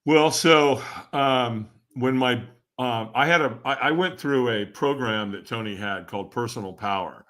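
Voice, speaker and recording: Lively laughing man telling a story. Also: medium pitch, measured pace, hardly any pauses. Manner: animated, laughs often, acts out quoted voices. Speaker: podcast guest. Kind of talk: casual storytelling interview.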